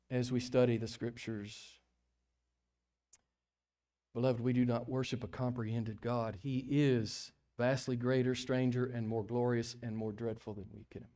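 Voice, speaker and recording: A man preaching a sermon as pastor, swinging between hushed and loud emphatic delivery, with frequent restarts. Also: on the high side.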